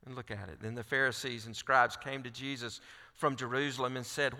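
A man's voice: medium pitch, fairly even intonation, fairly quick, bright, forceful tone. Man preaching in a reverberant church. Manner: reads scripture aloud, then presses questions with rising intensity. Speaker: pastor. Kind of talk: sermon. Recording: long hall reverb.

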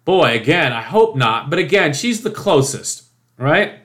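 High-voiced man ranting profanely. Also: sing-song, a little slow, a bit bright. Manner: profane, indignant, emphatic ranting; mocking quoted voices. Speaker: political commentator. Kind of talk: opinion monologue.

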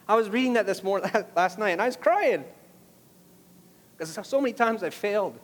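A man's voice: high-pitched, animated, a little fast, pauses often, big-room sound. A man preaching a sermon as pastor, impassioned, rising to emphatic peaks on key phrases.

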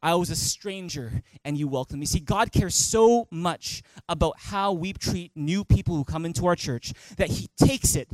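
A man's voice: on the high side, moderate pace, hardly any pauses, dry recording, rough recording. A male pastor preaching a sermon at a church service, emphatic and repeating key phrases, leading the congregation in reading aloud. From Canada.

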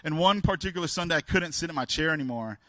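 A man gives a sermon built on personal anecdotes in an animated, bright, forceful voice that sits a little high. He's candid but halting, restarting frequently and getting louder to act out his stories' characters. The recording is dry.

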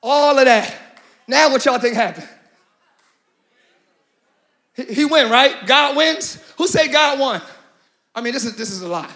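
Male preacher, high voice, bright, shouting, slangy and joking with the church. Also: measured pace, long pauses. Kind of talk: sermon.

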